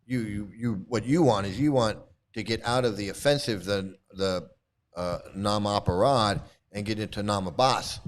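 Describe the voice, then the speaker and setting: A man's voice: on the low side, normal speed. A middle-aged man hosting a casual commentary, rambling and repeating himself, blunt and swearing. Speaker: channel host and cult critic. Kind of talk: casual commentary on a screen post.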